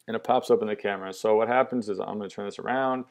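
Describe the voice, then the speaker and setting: A man's voice: on the low side, fairly even intonation, very fast, gravelly, a little mellow. Upbeat man demoing an app. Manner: upbeat, enthusiastic, lots of fillers and restarts. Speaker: app demo presenter. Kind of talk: casual product demo walkthrough.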